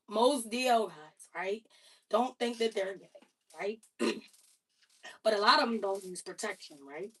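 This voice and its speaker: A woman's voice: mid-range voice, unhurried, pauses often, breathy edge. A woman hosting a livestream, ranting casually in an emphatic, heavily profane way. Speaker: livestream host. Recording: voice a bit far from the mic.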